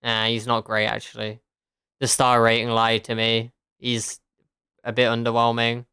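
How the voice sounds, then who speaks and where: A woman's voice: extremely low pitch, monotone, a little slow, fairly bright tone, smooth, no echo, clean studio sound. A woman game streamer chatting casually, laughing often, swearing and answering her chat.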